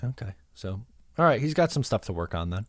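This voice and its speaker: A man co-hosting a casual hockey podcast, reacting quickly in a relaxed way. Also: lowish voice, no room sound. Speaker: podcast co-host.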